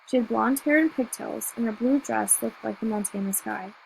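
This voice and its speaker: A woman reading a novel aloud in first person, telling the story in a steady, measured way. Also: a little high, gravelly, a little hiss or hum, poor audio. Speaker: audiobook reader.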